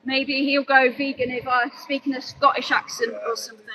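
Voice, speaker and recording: A young woman with a bright, high voice and a Midlands accent. She chats casually with viewers, then turns earnest and preachy. She is out by a road on her phone, with loud vehicle noise around her. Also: flat delivery, brisk, rough recording. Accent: English Midlands. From English Midlands. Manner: chatty, answers viewer comments, earnest when preaching. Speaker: animal rights activist livestreamer. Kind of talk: casual livestream chat. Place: outdoors by a road. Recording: loud outdoor traffic noise.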